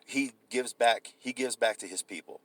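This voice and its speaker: A man with a deep, booming voice co-hosting a casual comedy podcast, loose and joking, swearing freely and acting out quotes. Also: moderate pace. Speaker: podcast co-host.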